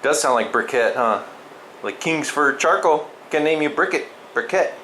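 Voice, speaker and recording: A man's voice: on the high side, moderate pace, poor audio. A man coaxing a cat in sing-song pet talk, repeating its name and asking it playful questions. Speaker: cat caretaker filming a feral cat. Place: indoors in a building with a cat. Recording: steady air conditioner hum.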